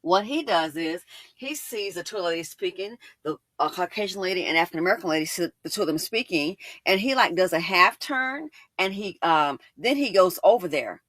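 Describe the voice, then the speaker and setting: A woman's voice: lowish voice, lively intonation, a little fast, a bit bright, no room sound. A woman host telling a storytime in casual, emphatic commentary, often repeating lines for effect.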